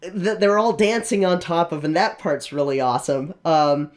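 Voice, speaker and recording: A podcast co-host chatting casually about a film, unhurried and enthusiastic, with frequent fillers. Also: mid-range voice.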